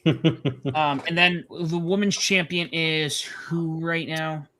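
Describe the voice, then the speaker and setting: Bright, jokey man chatting. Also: a little high, slow. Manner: relaxed, jokey, trails off with fillers. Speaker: podcast co-host. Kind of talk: casual wrestling chat on a live stream.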